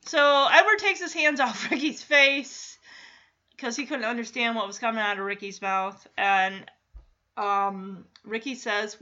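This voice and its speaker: Woman, higher voice, casual recap chat, lots of "like", dull lo-fi sound. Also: unhurried, pushed and bright. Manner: chatty retelling, frequent "like", light laughs. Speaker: podcast host recapping a TV episode.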